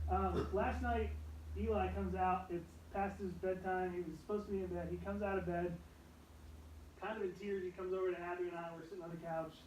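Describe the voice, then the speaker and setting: A young adult man preaching a youth sermon, animated and dropping to hushed tones for stories. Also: high-pitched, slight background noise. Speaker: youth pastor. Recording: echoey room, distant mic, faint ambience.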